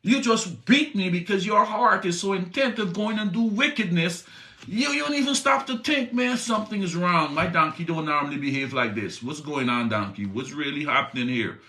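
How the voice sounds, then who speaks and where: A man's voice: sits high, normal speed, sharp tone, echoey room, pitched above the performer's own voice. A man voicing a loyal male donkey that talks and pleads with its owner like a buddy. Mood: pleading.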